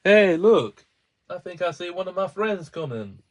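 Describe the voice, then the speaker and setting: A man's voice: high-pitched, animated, brisk, slight background noise. A man voicing characters in a fan model-train series, trading casual banter with rambling, self-aware asides.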